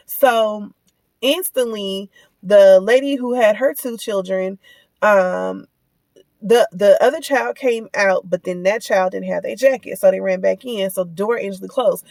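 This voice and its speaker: A woman, a mother telling viewers a story in a casual rant, animated and full of asides, recorded on a phone in her car. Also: mid-range voice, measured pace, creaky, no echo. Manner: animated, lots of asides and direct address to viewers. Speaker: vlogger and mother. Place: in a car, on the way to pick up kids.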